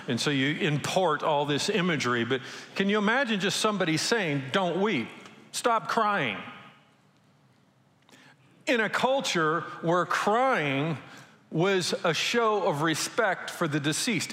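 A man preaching a sermon as a pastor, telling a story with energy and throwing rhetorical questions at his listeners. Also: on the high side. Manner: animated storytelling, asks the audience rhetorical questions. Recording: echoey hall with long reverb.

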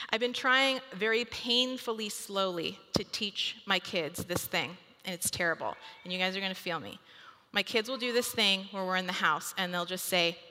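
Bright woman in a reverberant hall. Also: on the high side. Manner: chatty, acts out family dialogue. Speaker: speaker giving a devotional talk. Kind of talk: conversational devotional talk.

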